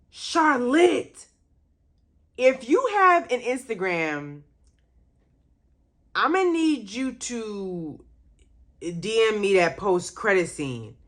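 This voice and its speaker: Young female host, casual chat, animated, lively pitch swings. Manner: animated, laughing and exclaiming, reacting to chat comments. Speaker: radio host reviewing movies. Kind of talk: casual livestream chat with viewers.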